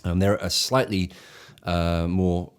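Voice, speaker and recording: An English church leader co-hosting a casual talk show speaks in a deep, clear, resonant voice at a measured pace, with flat delivery. He is enthusiastic yet often gropes for words and restarts his sentences.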